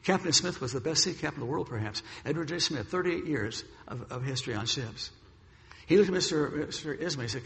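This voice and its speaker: A man's voice: on the high side, lively intonation, a little fast, creaky, fairly bright tone, in a large hall. A man preaching a sermon, telling a dramatic story and acting out what the characters say. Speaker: pastor.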